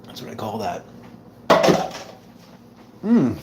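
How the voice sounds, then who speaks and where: A man's voice: on the low side, huge pitch swings, slow pace, background noise. A man hosting a casual livestream, joking and rambling with lots of fillers while a bit drunk. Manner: rambling, joking, tipsy banter with frequent fillers. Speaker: livestream host.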